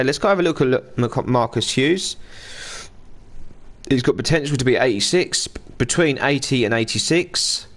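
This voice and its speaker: A man, chatting casually on a live stream as he plays a football management game, greeting viewers by name and reading game text aloud. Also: mid-range voice. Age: 30s. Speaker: gaming livestreamer.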